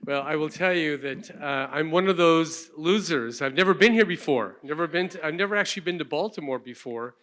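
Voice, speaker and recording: An older male pediatrician explaining and demonstrating baby care in a gentle, plainspoken, self-deprecating way. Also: a little high, a little fast, hardly any pauses. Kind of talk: demonstration and conference talk.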